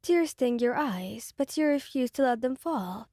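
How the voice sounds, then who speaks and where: Soft-spoken woman narrating ASMR fan fiction. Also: sits high, lively intonation, unhurried.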